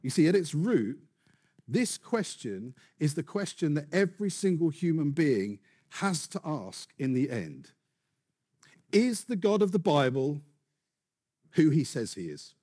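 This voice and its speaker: A man preaching a sermon with animated, building emphasis and rhetorical questions. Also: fairly high pitch, unhurried, breathy edge.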